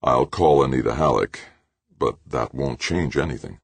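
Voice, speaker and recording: A man's voice: a bass voice, normal speed, gravelly, slightly rough, dry recording, heavily acted. A man playing a young leader who speaks firmly and reasonably. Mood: calm. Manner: reasonable, firm. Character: young man leading a moonbase, firm.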